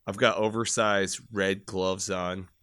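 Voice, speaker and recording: A man in his thirties from Michigan, a podcast guest telling crude, loud, profane stories in a casual chat and bursting into shouted re-enactments. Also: low-pitched, level tone, slow pace, clear, resonant tone, no room sound, studio quality. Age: 30s.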